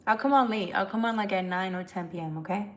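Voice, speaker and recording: Quick-paced and mid-range, this woman's voice belongs to a tarot reader who sounds tired. On her livestream she speaks to viewers openly and emotionally, with casual swearing.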